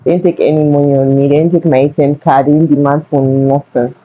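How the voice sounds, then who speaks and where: A young woman, telling a personal story to camera in a casual, animated way, repeating words for emphasis. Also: low-pitched, fast talker, phone-quality sound. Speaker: vlogger. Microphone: phone.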